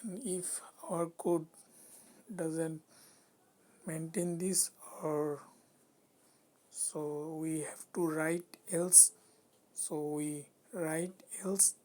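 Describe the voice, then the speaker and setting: Slow, halting woman tutoring code. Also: low-pitched, fairly even intonation, warm tone. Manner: halting, hesitant, many restarts. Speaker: programming tutor. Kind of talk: screen-recorded coding walkthrough.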